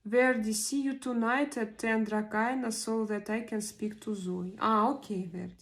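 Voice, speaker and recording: A woman with a slightly high voice and fairly even intonation hosts a casual livestream, reading comments from viewers. She's in her 40s, speaks Russian as her first language, and stumbles through English with many pauses while searching for words.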